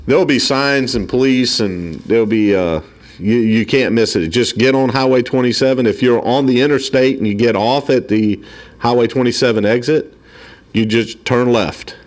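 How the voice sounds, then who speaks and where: A man as a guest on a radio talk show, talking casually and haltingly, often repeating words as he goes. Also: medium pitch. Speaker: studio guest promoting a local event.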